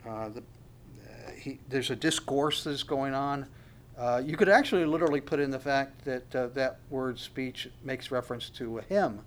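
A man's voice: mid-range voice, normal speed. A man preaching a conversational sermon in a reflective way, asking his listeners questions as he goes.

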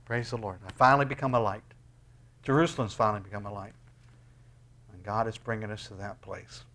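A man preaching a sermon as pastor. He reads scripture and closes in prayer, and he swings between loud, high exclamations and hushed, low asides. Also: fairly even intonation, fairly quick.

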